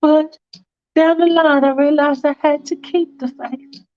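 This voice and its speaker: A woman's voice: sits high, fairly even intonation, measured pace, pitched above the performer's own voice. A woman playing a remorseful woman on trial. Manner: earnest, confessing. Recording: dull lo-fi recording.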